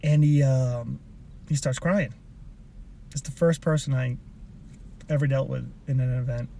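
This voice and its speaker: A man's voice: mid-range voice, steady tone, a little slow, creaky, mellow, slight background noise. A man who coaches people in personal development, telling a motivational story in a rambling, casual way from inside a car, often restarting his sentences. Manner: rambling, with frequent restarts and asides.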